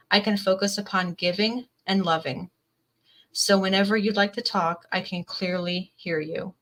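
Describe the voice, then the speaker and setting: A tarot reader addresses the camera with earnest emotion, reading card messages aloud and leaning heavily on "like" and "definitely". Her voice is fairly low-pitched and fairly bright, on a low-quality recording.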